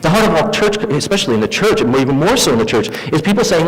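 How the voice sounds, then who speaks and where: A man's voice: big pitch swings, quick pace, hardly any pauses. A man preaching a sermon as pastor, who acts out the voices of the people he quotes. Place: church hall. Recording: reverberant church hall with faint rumble.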